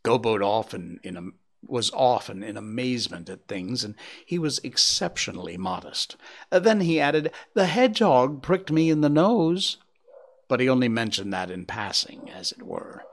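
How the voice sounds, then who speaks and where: A man's voice: moderate pace, gravelly. A man reading a children's story aloud, bringing the characters to life with a varied voice. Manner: lively, voicing characters with shifting pitch. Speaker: narrator.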